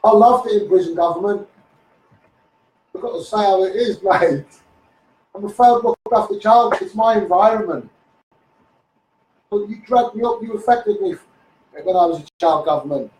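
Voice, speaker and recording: A man's voice: high-pitched, normal speed, long pauses, a little mellow. A man with a Liverpool accent ranting bluntly in a rambling live-stream monologue, calling his listeners "mate". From England. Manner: rambling, blunt, keeps saying "mate" and "you know what I mean". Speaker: livestreamer. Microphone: phone livestream. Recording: roomy, distant phone livestream with faint noise.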